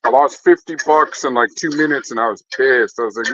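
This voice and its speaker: A man's voice: medium pitch, a little fast, a bit bright, dry recording. Man, casual vlog chat, rambling, swears a lot, lots of fillers, dry close sound, slightly muffled. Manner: loose and chatty, swears freely, many fillers and restarts. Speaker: vlogger chatting with viewers.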